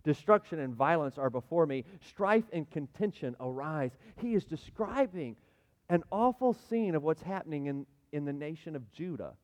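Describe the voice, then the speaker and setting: Middle-aged male pastor, high voice, dramatic sermon storytelling with big swings in loudness, long hall reverb. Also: expressive, moderate pace. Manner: storytelling, swings from hushed to near shouting; dramatic re-enactment of his own cries.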